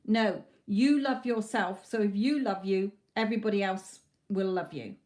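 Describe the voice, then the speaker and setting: A woman's voice: medium pitch, normal speed, darkish tone. Blunt British woman giving psychic advice. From Britain. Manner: blunt and motherly, repeats "okay?". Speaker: psychic tarot reader. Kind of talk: live-stream reading, direct advice.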